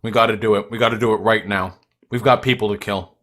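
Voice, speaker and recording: A man's voice: fairly low pitch, steady tone, quick pace, a bit bright. A young man hosting a livestream, ranting at his chat in a profane, combative and mocking way. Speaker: livestream host.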